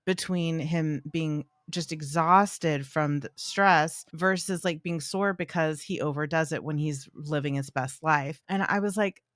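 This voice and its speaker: A woman's voice: deep voice, measured pace, few pauses, fairly bright tone, dry recording, studio quality. A woman co-hosting a podcast about dogs, talking animatedly with lots of "like" and playful dog voices. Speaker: podcast co-host, dog trainer. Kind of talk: casual conversational chat.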